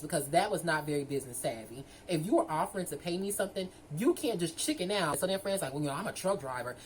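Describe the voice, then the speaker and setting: A woman, telling a story to her viewers in a sassy, animated way. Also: on the low side, slight background noise, poor audio. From Southern United States. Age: 20s. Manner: sassy, animated, addresses listeners as girl and y'all. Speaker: vlogger. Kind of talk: casual storytime monologue.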